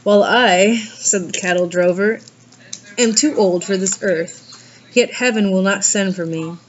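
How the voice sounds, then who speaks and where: A woman reading a fairy tale aloud, shifting her pitch and pace to act out the characters. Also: unhurried, muffled recording, a little hiss or hum. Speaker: reader.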